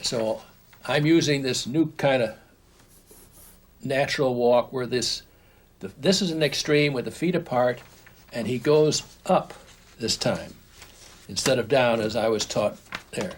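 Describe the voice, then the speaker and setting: In this old home video with faint background noise, an older animation instructor walks through a lesson step by step while drawing, frequently starting over. He speaks at medium pitch, a little slowly, with long pauses.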